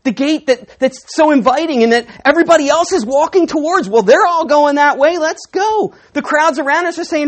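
Animated woman preaching a sermon. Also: high-pitched, a little fast, hardly any pauses. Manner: animated, acts out crowd voices. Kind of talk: sermon with an object lesson.

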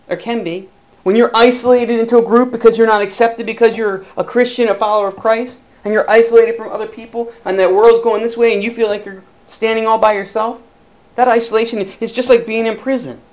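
A man. He is earnest, dropping to near-hushed tones before rising into emphatic bursts. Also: very high voice, rough recording. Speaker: pastor. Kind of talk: sermon.

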